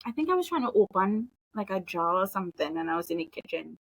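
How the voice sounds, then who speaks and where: A woman in her thirties, a behavioral analyst, giving parenting advice in a relaxed, chatty way and acting out example phrases. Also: medium pitch, fast talker, slightly rough, no echo, rough recording. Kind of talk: casual advice conversation.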